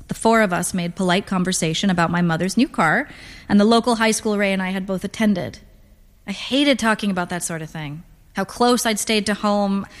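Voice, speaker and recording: A woman reading literary fiction aloud in a measured, wry, unhurried way. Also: medium pitch. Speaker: narrator. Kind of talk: scripted literary narration. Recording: long hall reverb.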